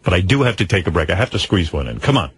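Radio host, man, lowish lively voice, wry. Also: very fast, slightly rough. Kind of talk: radio show banter.

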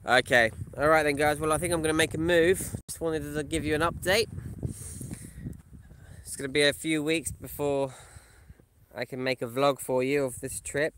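Broadcasting live from a camper van or a spot parked outdoors, a man chats casually, reading out viewer comments and responding. His fairly high, bright voice keeps a fairly even intonation at normal speed with frequent pauses, over a little hiss or hum.

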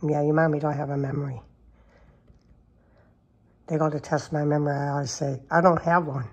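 Husky low-voiced woman cooing at her cats. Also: little pitch movement, a little fast, lo-fi sound. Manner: cooing, sing-song pet talk with soft whispers. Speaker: cat owner filming her cats. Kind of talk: casual baby talk to pets. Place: home, at a table with coffee.

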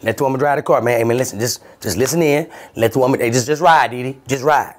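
A man voicing a loud, insistent male friend who keeps coaxing and repeating himself. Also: medium pitch, fast, pitched above the performer's own voice, close to an everyday voice. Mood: pleading. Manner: repetitive, coaxing, raised voice.

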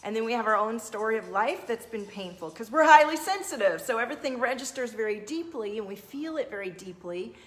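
A woman's voice: on the high side, expressive, fairly quick, few pauses. A woman hosting a livestream as a spiritual coach, talking earnestly and answering viewers' comments.

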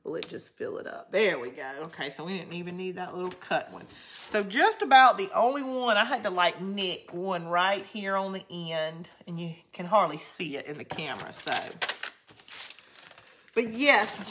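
Background noise sits under a mid-range female voice with a Southern US drawl. She's the host of a craft channel, rambling through casual live crafting chat and responding to viewer comments.

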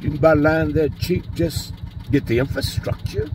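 A middle-aged community leader leads an enthusiastic walking tour outdoors on rural land, repeating himself as he goes. His fairly high-pitched voice is very animated and moves at a moderate pace, with faint outdoor noise in the background.

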